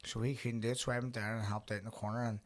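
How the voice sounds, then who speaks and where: A man's voice: lowish voice, little pitch movement, rapid-fire. A young man, a boxer hosting a casual podcast chat, laid-back and swearing freely as he tells stories. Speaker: podcast host and pro boxer.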